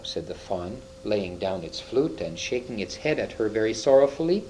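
A man reading a storybook aloud with expressive narration, slowing down for vivid moments. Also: lowish voice, slight background noise, low-quality recording. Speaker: storybook reader.

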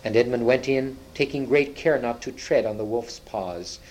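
A man reading a storybook aloud, pacing his narration slowly and dramatically. His voice sits at an ordinary middle pitch, with a faint hiss in the background. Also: a little mellow, low-quality recording. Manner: slow, measured dramatic narration.

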